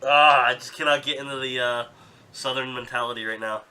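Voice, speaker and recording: Bright-voiced male game master. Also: mid-range voice, steady tone, a little fast, clean tone. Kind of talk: narrating a tabletop game.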